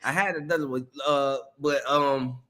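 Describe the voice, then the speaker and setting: A man's voice: mid-range voice, steady tone, normal speed, pushed and bright, slight background noise. A man hosting a casual livestream, laid-back and joking with slangy talk. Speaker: livestream host.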